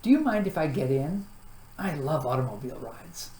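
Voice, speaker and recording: A woman voicing a gruff, impatient watchdog with a clock for a body, growling and scolding in a storybook reading. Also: sits low, sing-song, normal speed, mellow. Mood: cheerful. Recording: echoey room, faint background hum.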